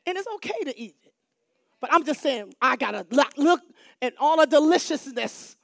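A woman pastor preaches with a high, piercing voice, calling out to her congregation and repeating her points for emphasis. She drops to near-whispers, then climbs to full shouts. Her voice sounds close and dry. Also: expressive, normal speed, gravelly, no room sound. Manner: call-and-response preaching, swinging from hushed to shouting; repetitive, emphatic phrasing. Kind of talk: sermon.

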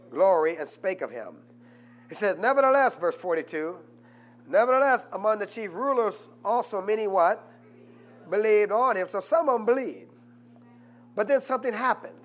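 A man pastor preaching a sermon and drawing answers from the congregation, swinging from quiet asides to loud, fervent peaks. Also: high-pitched, expressive, normal speed. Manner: rises to loud preaching, asks congregation "what?". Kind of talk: call-and-response sermon.

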